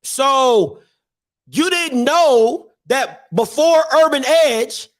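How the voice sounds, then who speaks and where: High-voiced man hosting a casual stream. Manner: repeats himself, drawn-out rhetorical questions. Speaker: show host. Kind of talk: casual live-stream commentary.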